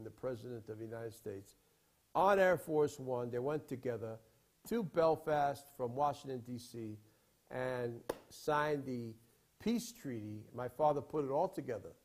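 A man preaching in a rambling storytelling style, emphatic, with sudden swings from loud to quiet. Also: on the high side. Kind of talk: sermon storytelling.

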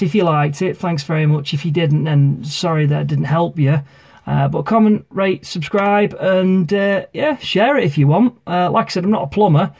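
A man's voice: fairly high pitch, vocal fry, darkish tone. A man casually talking through a sink tap repair, rambling with many ums and self-corrections, filmed on a phone under a kitchen sink. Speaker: amateur DIY video maker. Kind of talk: casual how-to walkthrough.

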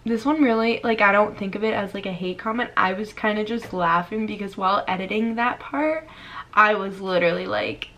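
A woman of twenty-one from Florida, chatting casually in a vlog, full of "like" and quick laughs as she reads comments aloud. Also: mid-range voice, pushed and bright. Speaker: YouTuber.

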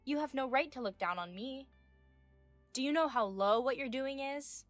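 A woman in her thirties with a high voice reads a scripted audio drama as the wronged wife, firm and indignant. The sound is dry and close, with faint music underneath. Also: moderate pace, dry recording. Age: 30s.

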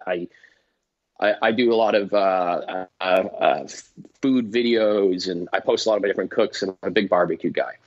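A middle-aged man, a comedian guest, telling stories in casual chat, animated and swearing, acting out voices. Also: lowish voice. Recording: dull lo-fi dry sound.

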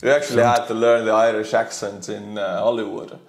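A man from Estonia with an Estonian accent, reacting to cartoons in rapid, excitable commentary. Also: fairly low pitch. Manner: rapid, excitable, laughing asides. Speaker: YouTuber reacting to videos. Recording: roomy echo.

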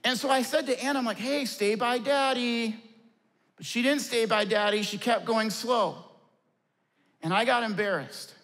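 A man with a fairly high voice preaches a sermon in a large church auditorium, his words trailing into a long hall reverb. He tells stories from the pulpit and drops low and gentle whenever he lands a key point. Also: moderate pace. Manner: storytelling, dropping low and soft for key points. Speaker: pastor.

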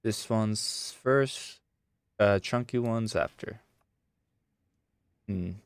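Low, slow-talking Swedish gamer. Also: male voice, vocal fry, clean tone. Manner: muttering to himself while exploring. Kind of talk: let's play commentary.

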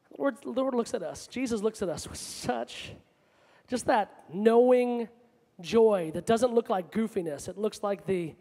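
A man preaching a sermon with passion, moving between loud outbursts and hushed asides, in a large church hall. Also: sits high, measured pace. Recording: long hall reverb.

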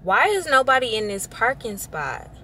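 A woman's voice: on the high side, very animated, moderate pace, pushed and bright, rough recording. A young woman vlogging casually from her car, rambling in a chatty, slangy way and laughing often. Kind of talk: casual vlog chat. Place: in a car, driving and parked outside. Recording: traffic and car noise behind.

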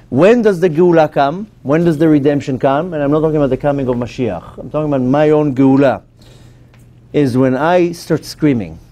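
Animated rabbi, mellow higher voice. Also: male voice. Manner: emphatic, animated teaching with questions to the audience. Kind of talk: Torah class to a live audience.

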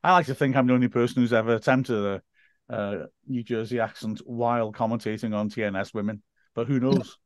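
A man co-hosts a casual podcast, teasing his guests with dry, understated jokes. His pitch is middling, and the sound is close and dry, with no room echo. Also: steady tone, fairly quick. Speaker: podcast co-host.

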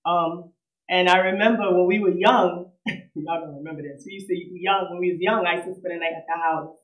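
A woman, a cousin of the deceased, giving a nervous, conversational funeral eulogy and laughing softly between memories. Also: lowish voice, steady tone, brisk, muffled recording. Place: funeral service hall. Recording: roomy hall echo.

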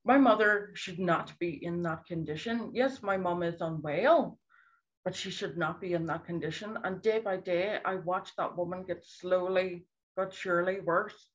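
A woman's voice: on the low side, normal speed. Earnest Scottish woman on a lo-fi call. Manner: earnest, pleading, repeats for emphasis. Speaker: guest. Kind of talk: emotional interview testimony.

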